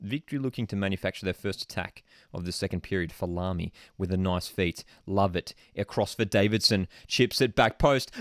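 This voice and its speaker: A young Australian man hosting a live football watchalong, excitable and prone to saying "dude", swinging between shouting and muttering. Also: deep voice, fairly quick, dry recording, studio quality. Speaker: football channel host. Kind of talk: live match watchalong commentary.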